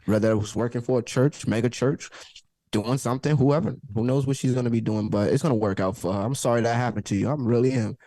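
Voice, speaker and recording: A man's voice: medium pitch, fast talker, dark tone, dry recording. Laid-back man, dry close sound. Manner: laid-back, chiming in with short remarks. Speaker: podcast co-host. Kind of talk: casual podcast chat.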